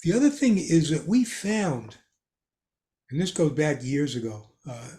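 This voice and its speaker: An older man, a guest on a hobby podcast, tells casual anecdotes with an animated, chuckling delivery. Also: fairly high pitch, a little slow. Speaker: guest ham radio expert. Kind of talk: casual storytelling in a podcast chat.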